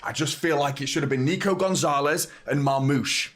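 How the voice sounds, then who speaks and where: A young football channel host with a slightly high, fairly bright voice talks at a moderate pace during his watchalong stream, reading viewer comments aloud and tripping over his words now and then.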